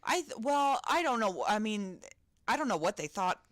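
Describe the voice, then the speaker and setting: Woman podcast co-host, lively swooping voice, dry close mic, animated chatty storyteller. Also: mid-range voice, moderate pace, no echo. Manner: animated storytelling, acting out her own shocked reactions. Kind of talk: casual chat.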